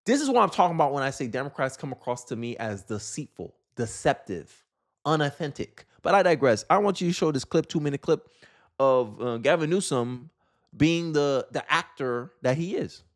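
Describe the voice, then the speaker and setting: A man's voice: fairly high pitch, lively intonation, normal speed. Blunt man giving political commentary. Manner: blunt, repeats his points, rhetorical questions. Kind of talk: opinionated commentary vlog.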